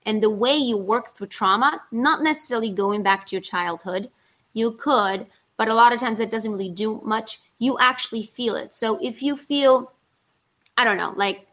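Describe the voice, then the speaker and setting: An actress in casual conversation, animated and talking in quick rushes. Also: female voice, a little high. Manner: animated, talks in rushes, acts out her inner voice.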